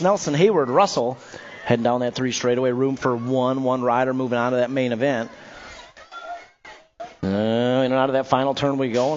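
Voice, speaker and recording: A man announcing live BMX races from the track tower, energetic and joking, with playful nicknames for the riders. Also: mid-range voice, muffled recording, a little hiss or hum. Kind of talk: live race commentary.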